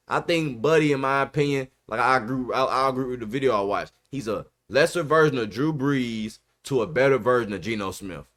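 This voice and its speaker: A man's voice: medium pitch, a bit bright. Emphatic man talking sports on a podcast. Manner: emphatic, repeats himself, says bro a lot. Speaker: podcast host. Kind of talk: casual sports chat.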